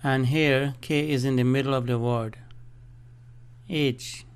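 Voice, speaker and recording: A man's voice: medium pitch, fairly even intonation, slow, clear, resonant tone. A man teaching a language lesson, patiently spelling out letters and syllables one by one.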